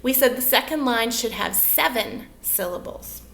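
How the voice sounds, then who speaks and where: A woman with an American accent teaching a children's online lesson, speaking in a bright, sing-song teacher voice and slowing down to read poems aloud. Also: fairly high pitch, very animated, reverberant. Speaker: movement artist teaching children.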